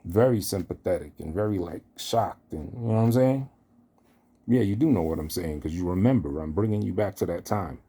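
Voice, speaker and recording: A man's voice: low-pitched, a little fast, warm tone, slightly rough. A man delivering a heated, profane callout rant, speaking straight at the person he confronts. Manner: confrontational, profane, addresses target directly. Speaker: online commentator.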